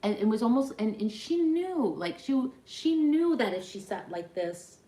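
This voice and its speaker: A woman's voice: fairly high pitch, big pitch swings, moderate pace, mellow. Woman rambling thru a story on a livestream, lots of "like". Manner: rambling storyteller, many "like" fillers. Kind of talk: casual livestream chat.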